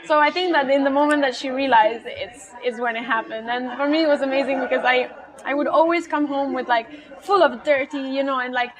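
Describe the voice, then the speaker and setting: High-voiced woman telling lively stories. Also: brisk, crowd noise. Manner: lively, laughing, acts out quotes. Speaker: interview guest, rally driver. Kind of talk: animated storytelling in conversation.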